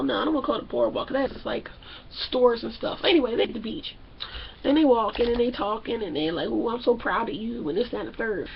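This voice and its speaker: Sassy high-voiced woman vlogger. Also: gravelly, highs cut off, slight background noise. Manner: loud, sassy, acts out characters. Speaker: vlogger recapping a reality show. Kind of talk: animated casual recap with acted-out quotes.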